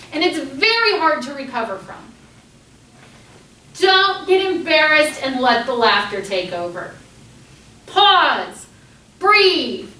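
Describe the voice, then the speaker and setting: A middle-aged woman lectures her class in a high, bright voice that swoops all over, acting out flustered students along the way. She sounds roomy and distant, recorded from across an echoey classroom. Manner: lively, animated, acts out students' panicked voices. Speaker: teacher.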